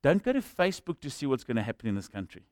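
A pastor preaching a sermon in an animated, rhetorical way, with humorous asides. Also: male voice, mid-range voice, racing, dry recording.

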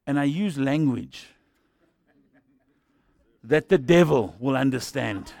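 A middle-aged man preaching a sermon, telling stories that swing from hushed to shouting. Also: medium pitch, expressive, takes it slowly, gravelly. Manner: storytelling, swings from quiet to shouting. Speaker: pastor.

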